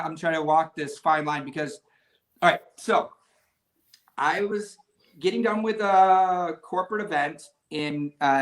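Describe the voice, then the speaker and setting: A magician guest telling a lively story in casual conversation, with many restarts. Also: male voice, fairly high pitch.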